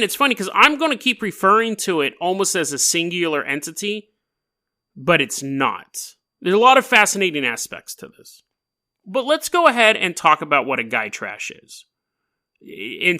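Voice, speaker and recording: Male podcast host, casual joking storyteller, bright and very lively delivery. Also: high voice, moderate pace. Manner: animated, joking and rambling.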